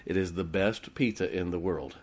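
Man preaching, from Ohio, middle-aged, folksy storytelling, loud emphatic bursts, easygoing asides. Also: low voice, normal speed, breathy edge. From Canton, Ohio. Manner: folksy, frequent fillers and restarts, chuckles. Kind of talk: storytelling sermon.

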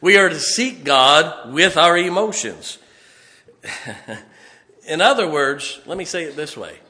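Fiery preacher with a bright voice. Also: male voice, on the high side. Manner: emphatic, folksy, builds to loud peaks. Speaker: pastor. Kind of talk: fiery sermon. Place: church sanctuary.

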